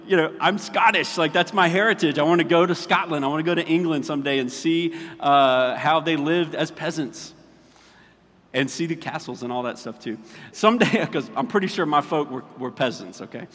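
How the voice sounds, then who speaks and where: A man with a fairly high, somewhat bright voice speaks at a moderate pace, giving a casual sermon as a pastor. He's chatty and checks in with his listeners often, and a large hall adds long reverb.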